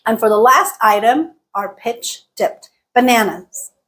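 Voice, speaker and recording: A woman teaching a lesson, speaking clearly and deliberately and exaggerating pitch in her example sentences. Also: lively intonation, a bit bright. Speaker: English teacher. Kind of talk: explanatory lesson with spoken examples.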